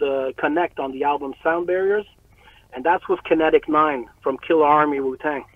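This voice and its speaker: Excited man telling stories over a tinny line. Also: fairly high pitch, no echo. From Canada. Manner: excited, swearing, laughing, acts out quotes. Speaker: guest. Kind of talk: casual storytelling interview.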